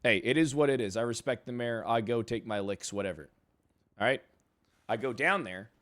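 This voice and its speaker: A man streams in character as a police chief who has just been suspended. He talks through the whole confrontation in a heated, profane, rambling way. His voice sits at an ordinary middle pitch and sounds close to a streaming mic. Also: normal speed, a bit bright. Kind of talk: in-character roleplay storytelling.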